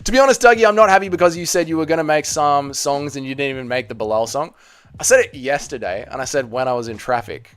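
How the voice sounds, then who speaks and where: A man's voice: fairly high pitch, fast, a bit bright, smooth. A young man hosting a live stream watch party, ranting heatedly and swearing while reading and answering chat. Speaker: streamer host.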